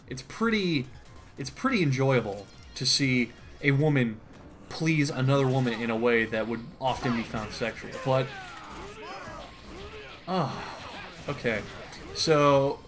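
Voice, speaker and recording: A man's voice: mid-range voice, measured pace, over music. A man from the United States giving a sarcastic, profane, rambling comedic reading. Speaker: comedy commentator.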